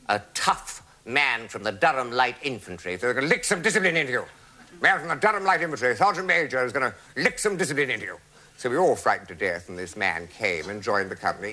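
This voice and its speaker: A man telling a comic anecdote to a studio audience, arch and theatrical. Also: mid-range voice. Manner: theatrical, arch, animated storytelling. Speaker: comic raconteur.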